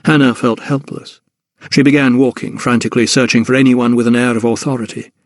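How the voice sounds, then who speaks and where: A man's voice: mid-range voice, no room sound. Man narrating a historical mystery in a dry booth. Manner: measured, even storytelling. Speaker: audiobook narrator. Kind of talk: scripted narration.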